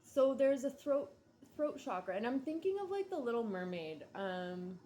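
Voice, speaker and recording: A woman's voice: fairly high pitch, very animated, mellow. A woman giving a casual tarot reading, musing and hesitant, drowsy and yawning. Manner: slow, musing, hesitant with many ums and likes. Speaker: tarot reader.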